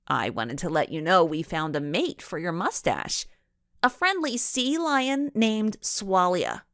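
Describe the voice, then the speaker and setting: A bold young girl detective with a cheeky, teasing way of talking, as a woman reading a storybook voices her. She speaks slowly with a lively lilt. The recording is dry. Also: lowish voice, no room sound.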